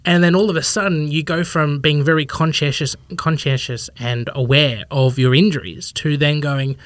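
Speaking at a normal pace with a steady, slightly high and somewhat bright tone, this man is a fitness professional appearing as a podcast guest. There's no echo on the recording. He rambles through the casual interview, voicing imagined people's thoughts as quotes.

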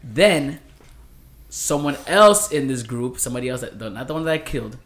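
A man's voice: mid-range voice, expressive, normal speed, fairly bright tone. A man in his thirties, a podcast co-host, telling a long dream story with lots of restarts and asides. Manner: rambling storyteller, many restarts. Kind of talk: casual podcast chat.

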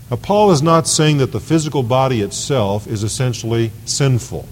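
A man's voice: medium pitch, moderate pace, hardly any pauses, a little mellow. A man preaching an evening sermon as pastor, emphatic, repeating phrases for stress. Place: church sanctuary. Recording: long reverb of a large hall.

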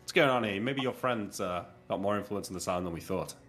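A man's voice: lowish voice, quick pace, a bit bright, soft background music. A man playing in a tabletop game, speaking in a curt, dry way. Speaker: player.

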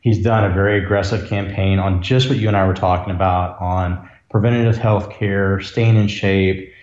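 Man, low voice, earnest reflective storyteller; roomy, dull lo-fi recording. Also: steady tone, normal speed, darkish tone. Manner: earnest, reflective, emotional at times. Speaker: ER physician, podcast guest. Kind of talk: conversational storytelling.

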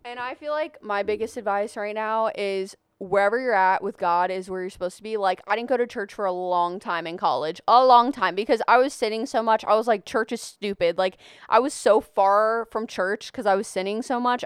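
A woman's voice: medium pitch, fairly quick, smooth, no echo, clean studio sound. A woman in her twenties co-hosting a faith podcast, talking earnestly and encouragingly. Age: 20s. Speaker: podcast co-host. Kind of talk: casual chat.

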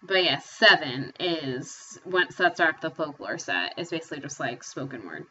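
A woman co-hosting a casual book-chat podcast, chatty and quick to laugh. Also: deep voice, muffled recording, slight background noise. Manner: chatty, laughs often, animated. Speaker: podcast co-host.

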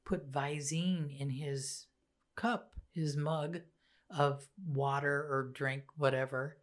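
Speaking slowly in a low, steady voice, she's a middle-aged woman whose child co-hosts the podcast. Her true-crime talk is chatty and wandering, and her sentences often trail off unfinished.

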